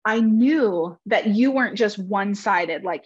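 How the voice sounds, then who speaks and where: A woman in her thirties, a real estate agent and podcast guest, candidly telling her own story with quick asides and self-deprecating humor. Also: medium pitch, breathy edge, lo-fi sound.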